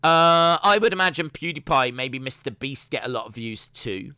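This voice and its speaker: A man hosting a casual live-stream watch-along, chatting and answering viewer comments, with sudden excited bursts that trail off quietly. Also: mid-range voice, moderate pace, smooth, no room sound.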